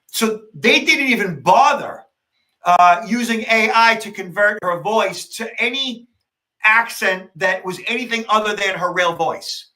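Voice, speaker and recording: A man with a high, very bright and forceful voice talks on a podcast. He tells his story quickly and with emphasis, pushing each point home. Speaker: podcast co-host, security expert. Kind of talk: casual podcast conversation.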